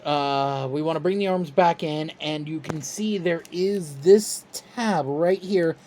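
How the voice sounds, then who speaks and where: Here's a casual step-by-step tutorial from a toy reviewer who is easygoing, chatty, and self-deprecating. The voice is middle-pitched, and a faint hiss of noise runs underneath.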